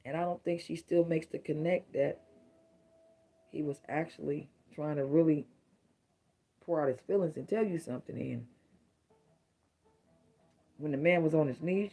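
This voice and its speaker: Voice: mid-range voice, moderate pace, pauses often, warm tone. A middle-aged tarot reader giving a casual, emphatic reading to viewers, full of rhyming catchphrases.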